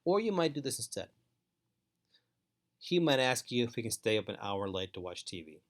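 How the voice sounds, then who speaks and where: A man gives a steady instructional talk to foster parents at a mid-range pitch. He speaks in a measured, emphatic way and goes back over key points. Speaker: foster care trainer.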